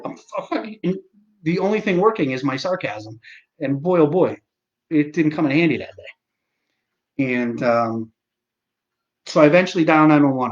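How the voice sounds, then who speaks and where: A man in his forties talks casually to a livestream audience, sarcastic and quick to swear, stumbling through fillers and restarts. His voice sits at an ordinary pitch for a man. The sound is dull and lo-fi. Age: 40s. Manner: sarcastic, profane, halting with many fillers. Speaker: livestream host.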